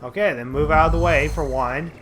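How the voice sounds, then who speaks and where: A man's voice: fairly high pitch, a little fast, heavy background noise. A man giving casual, rambling commentary over a video game he is playing at home, with lots of fillers and restarts. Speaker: let's play host.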